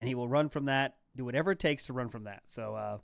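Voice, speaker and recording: A man's voice: medium pitch, quick pace, vocal fry, crowd noise. A man hosting a podcast, chatting casually and reading out listener messages with a playful, laughing manner. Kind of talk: casual chat.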